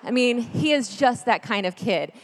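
A woman in her thirties gives a storytelling sermon in a chatty, joking way that turns earnest and hushed. Her voice sits a little high for a woman. It rings with the long reverb of a large hall. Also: moderate pace. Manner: lively, chatty, jokey, then earnest and hushed. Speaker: speaker at a church gathering.

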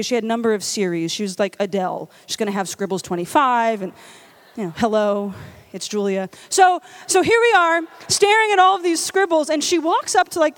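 Animated, high-voiced woman telling a story. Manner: animated, self-deprecating, chatty with many "like"s. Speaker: church speaker. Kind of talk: comedic storytelling sermon.

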